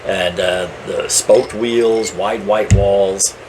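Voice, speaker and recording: A middle-aged man chatting casually as a podcast co-host, telling rambling stories and getting animated when he quotes other people. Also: low-pitched, extremely slow, noisy background. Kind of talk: casual chat.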